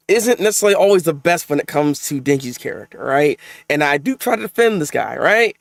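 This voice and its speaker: A man reacting live to a new chapter, his voice swinging up and down with exasperated energy. He sits a little high for a man and keeps stumbling over his words as he rushes to react. The sound is dry and close. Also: vocal fry, no echo. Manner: excitable, exasperated, talks fast with many restarts. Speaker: manga reaction host.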